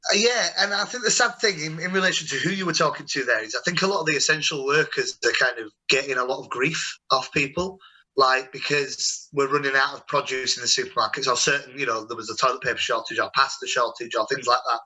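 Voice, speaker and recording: Bright-voiced man chatting. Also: mid-range voice, fast, slightly rough, rough recording. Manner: chatty, rambling, warm storytelling with many restarts. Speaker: host. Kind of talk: casual video-call chat.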